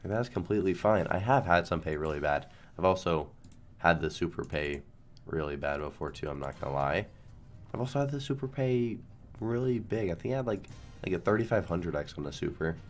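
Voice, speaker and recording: A man's voice: low-pitched, animated, a little fast, soft background music. A young man who is sick and coughing, chatting casually and rambling as he streams a slot game. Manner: rambling, self-deprecating, lots of restarts. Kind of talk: casual gambling stream commentary.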